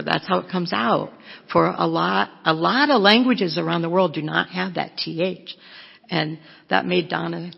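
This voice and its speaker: A woman's voice: lowish voice, moderate pace, gravelly, husky. A woman giving a chatty, self-mocking storytelling talk as a missionary speaker, laughing often. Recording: dull lo-fi with long hall echo.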